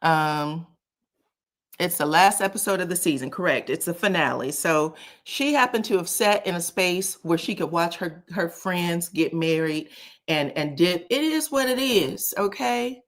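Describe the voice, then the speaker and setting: A woman's voice: lowish voice, measured pace. Sassy woman spilling reality TV talk. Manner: sassy, animated, says "child" often; frequent chuckles and filler "um". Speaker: host of a reality TV commentary channel. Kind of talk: casual commentary monologue.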